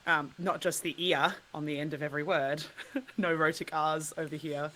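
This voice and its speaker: A woman with an Australian accent, chatting casually as a podcast guest in an animated way and laughing often. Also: deep voice, moderate pace, low-quality recording. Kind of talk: casual chat.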